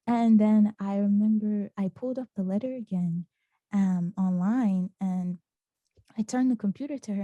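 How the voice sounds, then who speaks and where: A woman's voice: mid-range voice, normal speed, no room sound. A young woman, a student, telling a story in casual chat and acting out the voices of people she quotes. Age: young adult. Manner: animated, acts out quoted voices with laughter. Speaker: student interviewee.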